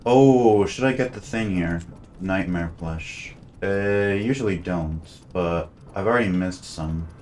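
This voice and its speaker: Male game streamer, very low voice, loose chatty commentary. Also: takes it slowly, a little mellow, a little hiss or hum. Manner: thinking aloud, chatty, trails off and restarts. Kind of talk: casual gameplay commentary.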